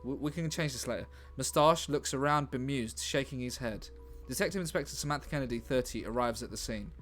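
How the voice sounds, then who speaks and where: A man's voice: mid-range voice, brisk, a bit bright, faint music behind. A man chatting casually on a live stream while he writes a script, musing aloud. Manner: musing aloud, chatty, laughs at his own ideas.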